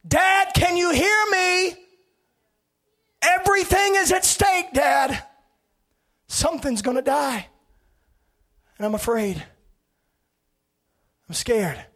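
A preacher acting out a frightened young son who cries out to his mother and father in panic, shouting and pleading. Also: extremely high pitch, expressive, slow pace, gravelly, pauses often, slightly rough, voice pushed up, exaggerated voice. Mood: scared pleading. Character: terrified young son crying to his parents.

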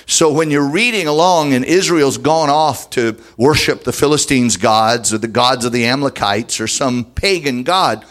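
A man preaching a sermon as pastor, emphatic and dramatic, speeding up and slowing down for effect. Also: fairly high pitch, a bit bright.

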